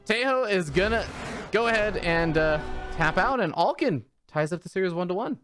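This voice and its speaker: Animated esports caster calling a match. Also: medium pitch, moderate pace, over music. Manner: lively, animated play-by-play with hedged analysis. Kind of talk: live play-by-play commentary.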